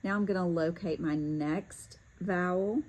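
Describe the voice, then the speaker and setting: Slow low-voiced woman teaching. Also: darkish tone, poor audio. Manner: talks to herself while working through steps, with fillers. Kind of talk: step-by-step classroom demonstration.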